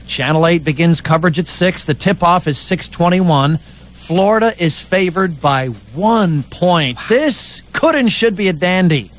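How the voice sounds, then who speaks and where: A man's voice: sits high, unhurried. A man hosting a morning radio show, reading sports news and joking with his co-hosts. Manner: joking, animated banter.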